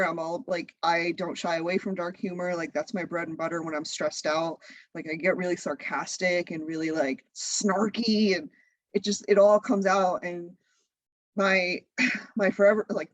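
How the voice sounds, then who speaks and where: A woman in her thirties, a guest chatting in a casual interview, lively and laughing often. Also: lowish voice, no room sound, poor audio. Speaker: guest, content creator.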